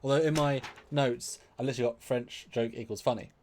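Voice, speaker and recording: Guy cohosting a live review stream, animated, keeps acting out lines in funny voices, medium voice. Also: medium pitch, brisk, slight background noise. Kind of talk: casual live discussion.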